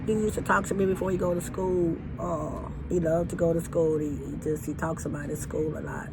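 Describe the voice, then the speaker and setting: A woman talks casually and rambles, with lots of fillers, restarts and swearing. She is recorded outdoors near a road. Traffic noise runs clearly behind her voice. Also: low-pitched, fairly even intonation, a little fast. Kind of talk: rambling personal monologue. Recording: noisy with passing traffic.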